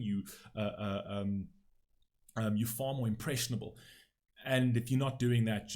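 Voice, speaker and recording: A man's voice: fairly low pitch, a little mellow. A man hosting a music reaction video, giving blunt, emphatic commentary with frequent swearing and "right?" tags.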